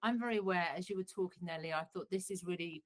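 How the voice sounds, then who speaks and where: A woman's voice: on the low side, fast talker, low-quality recording. A middle-aged woman psychotherapist, giving earnest, practical advice in an online workshop, often restarting her sentences.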